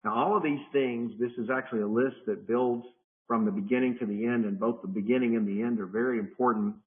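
A man teaching a Bible study to a group in a casual, conversational way, circling back and repeating phrases as he explains. His voice sits at an ordinary middle pitch. The audio is narrow and phone-like. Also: steady tone, fairly quick. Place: church study group, partly remote.

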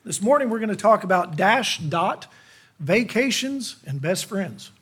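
A man's voice: high voice, animated, measured pace, a bit bright, slightly rough. A middle-aged man, a lay preacher delivering a sermon to a church in a folksy, self-deprecating, conversational manner.

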